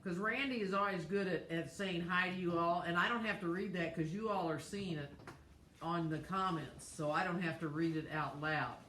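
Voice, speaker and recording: A woman pastor co-hosting a home cooking show, chatting warmly and gushing over the food. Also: lowish voice, moderate pace, reverberant, a little hiss or hum. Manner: chatty and effusive, lots of oohs over food. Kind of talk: casual chat. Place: home kitchen.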